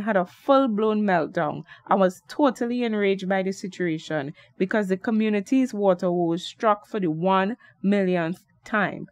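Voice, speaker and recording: A woman reading a story aloud in a measured, even way. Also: medium pitch, dry recording. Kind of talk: scripted story narration.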